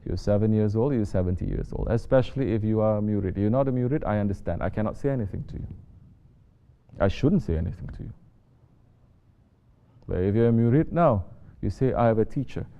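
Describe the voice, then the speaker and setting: A sheikh giving a sermon, mostly soft-spoken and rising to sharp emphasis when he scolds. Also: on the low side, brisk, clean tone. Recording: dull lo-fi recording with faint noise.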